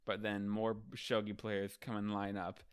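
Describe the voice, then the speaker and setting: A man's voice: on the low side, completely flat delivery, unhurried, clear, resonant tone, no echo, studio quality. A man hosting a casual manga ranking show, recapping chapters in a loose, profane, chatty way and acting out the characters' lines.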